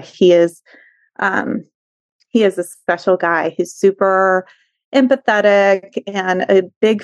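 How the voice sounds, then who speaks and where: A woman's voice: mid-range voice, darkish tone, dry recording, highs cut off. Middle-aged woman therapist, guest, earnest storyteller, dry close sound. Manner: tender, earnest, acts out quoted voices. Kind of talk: conversational storytelling.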